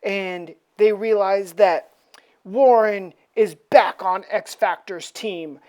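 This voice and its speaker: A woman's voice: medium pitch, steady tone, slow, darkish tone. A woman casually recapping a comic book issue in a slangy, offhand way.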